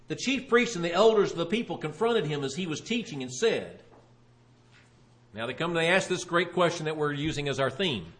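A man preaching a sermon, retelling a Bible story with animated storytelling and voicing the questioners. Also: a little high.

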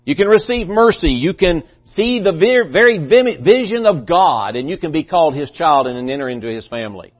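An earnest male pastor delivering a sermon, emphatic and repeating himself as he builds his points. His voice sits a little high for a man. The recording is muffled and lo-fi. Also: animated, moderate pace, few pauses. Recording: dull lo-fi recording.

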